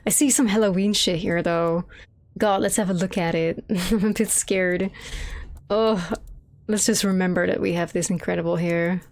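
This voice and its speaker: A woman's voice: fairly low pitch, steady tone, normal speed, darkish tone, no echo. A young adult woman streaming a video game, rambling casually, swearing a lot and mocking what she sees in sarcastic quoted voices. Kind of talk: casual live-stream commentary.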